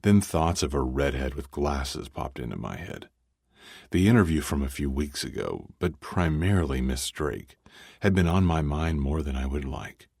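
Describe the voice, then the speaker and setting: A male narrator reads a first-person romance novel in a measured, dry way. His voice sits extremely low with a husky edge, recorded close with no room around it. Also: a little mellow, no echo. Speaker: audiobook narrator.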